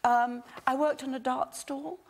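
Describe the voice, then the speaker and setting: A woman's voice: high voice, fairly even intonation, a little slow. A woman with a playful, giggly manner, telling a story as a talk show guest. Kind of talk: chat show anecdote.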